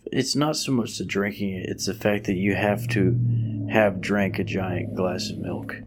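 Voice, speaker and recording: Low gravelly podcast dude, kinda husky, rambles with tons of likes. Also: male voice, measured pace. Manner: rambling, many likes and restarts. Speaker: podcast co-host. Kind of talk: casual chat.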